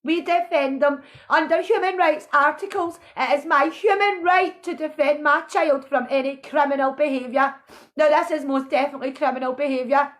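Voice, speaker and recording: A woman's voice: high voice, normal speed, a bit bright. A mother ranting with passion, angry and accusing, and at times pleading and emotional. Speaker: protesting mother. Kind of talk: impassioned video rant.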